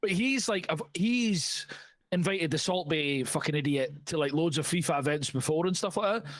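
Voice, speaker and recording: A man's voice: a little high, lively intonation, normal speed, no room sound. A man with an Irish accent, co-hosting a casual podcast, talking loosely with lots of filler phrases. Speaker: podcast co-host. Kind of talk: casual chat.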